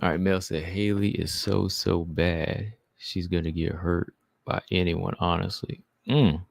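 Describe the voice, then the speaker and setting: A man's voice: low voice, steady tone, a little slow, vocal fry, no echo, clean studio sound. A man hosting a casual live stream, reading viewer comments and answering them in a chatty way. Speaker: livestream host reading chat.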